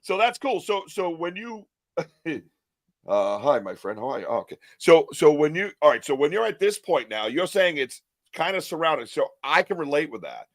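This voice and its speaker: A man hosting a casual chat podcast, animated and laughing often as he acts out other people's lines. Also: fairly high pitch, moderate pace, no room sound, clean studio sound. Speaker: podcast host.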